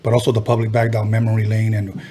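Husky-voiced easygoing male host. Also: lowish voice, completely flat delivery, fast, mellow. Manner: friendly, easygoing questions. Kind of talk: casual interview.

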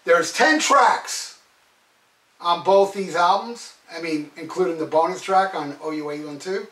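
A man's voice: a little high, unhurried, a bit bright. A man reviewing albums in a casual monologue, profane and sarcastic. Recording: echoey room, mic at a distance.

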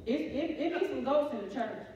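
A woman elder delivers a sermon, repeating her lines and throwing questions out to the congregation. Her voice sits high. She is picked up from a distance in a very echoey church hall, and the sound is muffled. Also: lively intonation, moderate pace, dark tone, a little hiss or hum.

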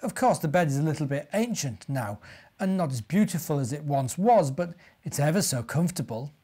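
A man voicing a gentle, bashful big father bear in a children's storybook, rumbling and hesitant. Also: animated, brisk, breathy edge. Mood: embarrassed.

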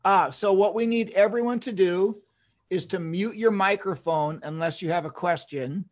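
A man's voice: sits high, moderate pace. A man in his fifties, a dentist giving an online lecture, telling stories enthusiastically with chuckles and restarts.

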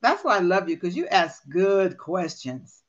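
Emphatic older woman, expressive storyteller. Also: on the low side, a little slow, highs cut off. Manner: emphatic, animated, acts out inner dialogue. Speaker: motivational speaker. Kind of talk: candid conversational talk.

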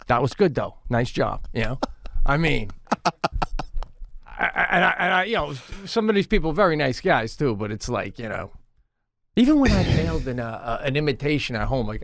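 A middle-aged man co-hosting a comedy podcast in casual chat, telling stories in an animated way, laughing often and swearing freely. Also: on the high side, moderate pace, vocal fry. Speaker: podcast co-host.

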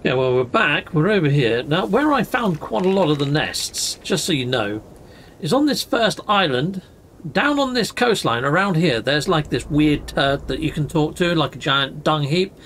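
Chatty gamer, lively pitch. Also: male voice, normal speed, slight background noise. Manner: chatty, thinking aloud, friendly asides. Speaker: gaming channel host. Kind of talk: casual let's-play commentary.

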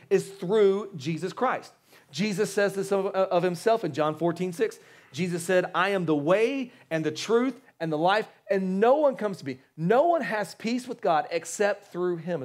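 Stammering, conversational pastor, higher-pitched man. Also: lively intonation, normal speed. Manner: conversational, stammering restarts, pleading; casual slang, joking asides. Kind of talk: sermon.

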